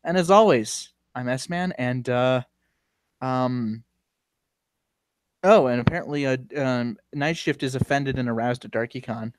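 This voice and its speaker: A man's voice: mid-range voice, unhurried, no echo. A man guesting on a casual live stream who stutters, laughs often and goes on crude rants.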